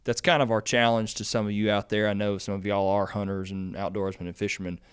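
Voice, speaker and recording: A man hosting a farm podcast, an extension agent, speaks fast in a smooth, lowish voice. He tells stories in a rambling, casual way full of fillers and gets animated when excited.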